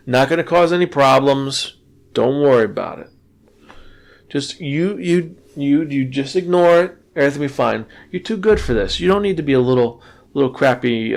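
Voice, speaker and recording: A creepy older mob boss, put on by a podcast host, coaxing and talking down to a young man he favors. His talk is smooth and condescending. The voice stays close to an ordinary middle-pitched male voice.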